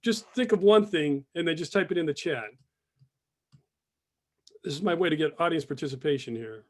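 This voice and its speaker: Speaking at normal speed with a fairly high pitch, a man runs a relaxed live sales webinar as a business mentor. He's upbeat and talkative, repeats phrases, and reads viewers' chat aloud over his computer mic.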